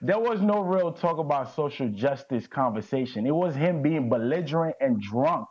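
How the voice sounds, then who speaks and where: A man's voice: fairly high pitch, lively intonation, normal speed, muffled recording. A man testifying as defendant in court, answering in a dismissive, matter-of-fact way.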